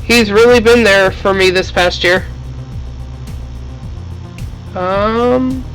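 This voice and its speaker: A man's voice: sits high, normal speed, fairly bright tone, faint music behind, poor audio. A man playing a video game and muttering wry asides between read-out dialogue lines. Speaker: gamer. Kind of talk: let's play commentary.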